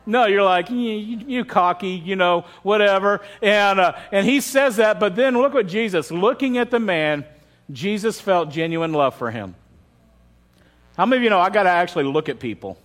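A man's voice: high-pitched, animated, normal speed, a bit bright. A man, a pastor, preaching a sermon through candid, humorous storytelling.

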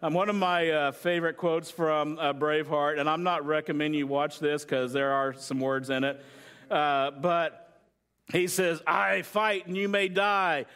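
A man's voice: on the high side, steady tone, moderate pace, a bit bright, smooth. A man preaching a sermon to a congregation in a loose, conversational way, joking and asking them questions. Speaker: pastor.

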